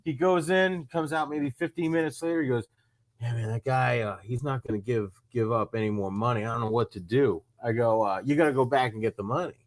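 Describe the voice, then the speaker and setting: A comedian from Rhode Island telling a long story in casual chat, acting out both sides of the conversation. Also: male voice, medium pitch, a little fast. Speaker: comedian guest.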